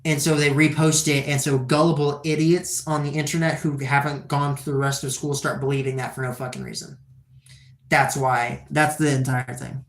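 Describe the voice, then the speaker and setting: Someone in their twenties is livestreaming, rambling excitedly in a casual chat, swearing a lot and fielding questions from chat. The voice has a medium pitch and a normal speed, and the recording sounds roomy.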